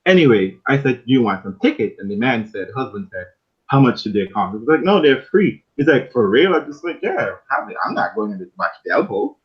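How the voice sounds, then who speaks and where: A man's voice: on the low side, brisk, dull audio. A man co-hosting a casual podcast, telling a story with lots of swearing and acting out the quoted lines. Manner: animated storytelling, profane, acts out quoted dialogue. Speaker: podcast co-host. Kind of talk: casual chat.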